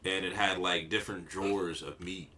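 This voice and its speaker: A man's voice: low-pitched, steady tone, normal speed, sharp tone. A man hosting a casual podcast, telling a rambling story and laughing often. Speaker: podcast co-host. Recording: noisy home podcast recording.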